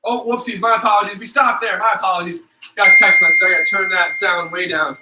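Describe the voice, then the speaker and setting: A man's voice: high voice, steady tone, fast talker, roomy sound, recorded from a distance, very noisy. A young man leading a live-streamed home workout as a fitness instructor, counting reps aloud and joking between sets.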